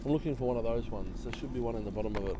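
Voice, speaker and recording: A man's voice: mid-range voice, rapid-fire, heavy background noise. A man giving casual live cricket commentary, chatty and joking and often laughing.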